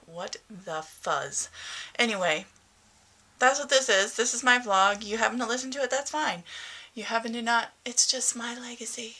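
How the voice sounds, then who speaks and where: A woman's voice: mid-range voice, sharp tone. A woman vlogging casually about her day at home, candid and chatty. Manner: chatty, candid, sing-song with her cat. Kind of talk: casual video diary. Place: at home, bedroom.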